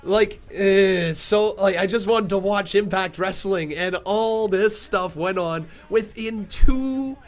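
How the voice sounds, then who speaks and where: Excitable man shouting live wrestling reactions. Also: sits high, slow, hardly any pauses, faint music behind. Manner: loud excitable shouting calls; chatty, reads viewer comments.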